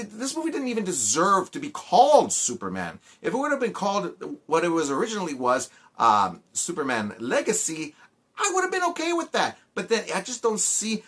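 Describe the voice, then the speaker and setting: A man reviewing a film in a loose, rambling way, tripping over restarts and fillers and sounding fed up. His voice sits a little high for a man and has a bright, forceful edge. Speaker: movie reviewer. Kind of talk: casual spoken review.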